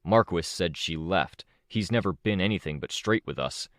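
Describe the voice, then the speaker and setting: A man reads a calm young team leader in a low, even, reassuring tone for an audiobook. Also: moderate pace, no room sound, clean studio sound. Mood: earnest.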